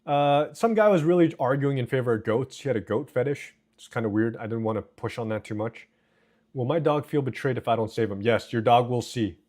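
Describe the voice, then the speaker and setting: A male streamer talks casually to his live chat at an ordinary middle pitch. He jokes and teases his viewers as he reads their messages aloud. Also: a little fast, darkish tone. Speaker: livestreamer.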